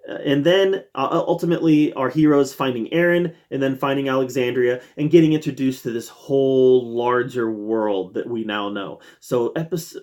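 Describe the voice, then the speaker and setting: A man's voice: medium pitch, darkish tone. Eager male show reviewer, casual chat. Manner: enthusiastic, with frequent fillers and restarts. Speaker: host of a TV review channel. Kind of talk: casual spoken ranking review.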